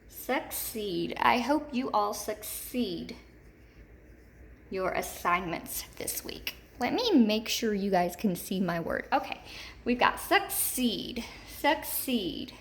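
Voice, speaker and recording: A woman teaching a third grade word study lesson, enunciating slowly and repeating example words for young children. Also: medium pitch, very animated, slight background noise. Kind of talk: recorded remote lesson.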